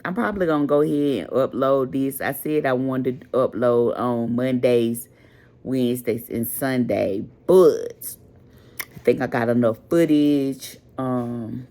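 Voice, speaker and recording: Tired woman vlogger, unusually deep voice, frank and venting, phrases trailing off. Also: measured pace, creaky, mellow. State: tired and sleepless. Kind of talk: casual late-night vlog talk.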